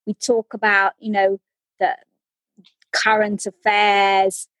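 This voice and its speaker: A woman educator and activist speaking slowly and thoughtfully about her own experience. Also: mid-range voice, monotone, a bit bright, no room sound, rough recording. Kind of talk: casual personal account.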